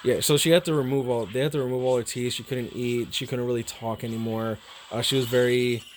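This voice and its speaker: A young man talking casually to his viewers, rambling and repeating himself, swearing freely, halting and emotional. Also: medium pitch, fairly even intonation, a little hiss or hum. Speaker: streamer.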